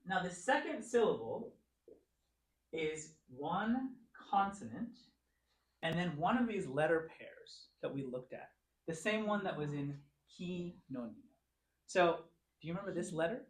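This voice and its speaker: Brief: male teacher, patient and coaxing, lively pitch, echoey church room. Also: measured pace. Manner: patient, coaxing, calls on students. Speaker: Bible class teacher. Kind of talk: classroom teaching. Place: church classroom.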